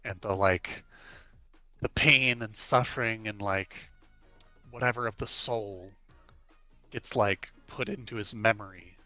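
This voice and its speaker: Rambling young man, bright voice. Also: on the low side, measured pace, long pauses, soft background music. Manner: rambling, leans on the filler "like"; animated storyteller who acts out quotes. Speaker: livestream host. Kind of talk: casual chat while streaming.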